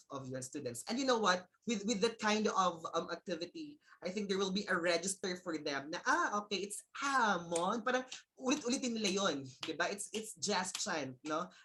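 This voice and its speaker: Bright-toned Filipino woman teaching online. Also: low voice, low-quality recording. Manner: switches between English and Tagalog, coaxing listeners. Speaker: teacher presenting at a webinar. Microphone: video call.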